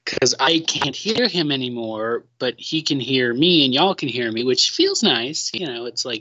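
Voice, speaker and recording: A man's voice: medium pitch, expressive, moderate pace, bright, forceful tone, no room sound, highs cut off. A man chatting casually on a live stream, swearing now and then and talking back to a co-host he can't hear. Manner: chatty, swears, laughs, talks to a co-host off mic.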